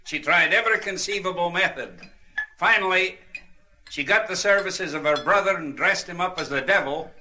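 A man's voice: high-pitched, bright, forceful tone, low-quality recording. A man with a Scottish accent telling jokes to an audience, chuckling as he goes. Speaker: comedian.

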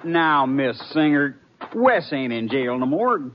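A jittery stammering cowpoke. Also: male voice, a little high, sing-song, slow pace, a little hiss or hum. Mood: anxious. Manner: stammering, anxious. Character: nervous young cowboy, stammering. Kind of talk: 1950s radio drama acting. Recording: muffled old radio broadcast.

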